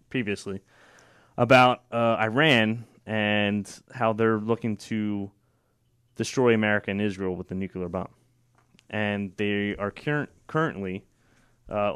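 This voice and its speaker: A man's voice: lowish voice, a bit bright, clean tone, no room sound, clean studio sound. A man hosting a political talk show, opinionated and sarcastic, with frequent fillers and restarts. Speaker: radio show host.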